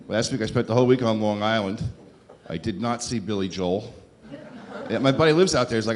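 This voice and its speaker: A man's voice: lowish voice, brisk. Sarcastic New stand-up man. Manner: sarcastic, deadpan asides with crowd work. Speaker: stand-up comedian. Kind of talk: stand-up comedy set. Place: comedy club stage.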